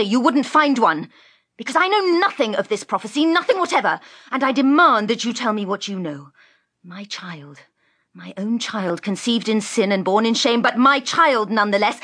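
A commanding, imperious woman in an audio drama, slightly high in pitch. She drops into low, quiet menace as she threatens. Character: cold, commanding aristocratic woman interrogator.

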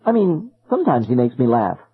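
A man's voice: medium pitch, wildly swooping pitch, a little fast, slightly rough, dry recording, full character voice. A man voicing a cool, matter-of-fact teenage girl with a lightly raised voice. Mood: knowing. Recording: phone-like narrow band, dry.

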